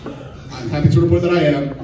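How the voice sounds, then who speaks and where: A man's voice: fairly high pitch, steady tone, brisk, dark tone, slight background noise. A man doing a crude stand-up comedy set, laughing at his own jokes, with a live audience laughing behind him. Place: distillery venue with live audience. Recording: distant, echoey, muffled venue recording.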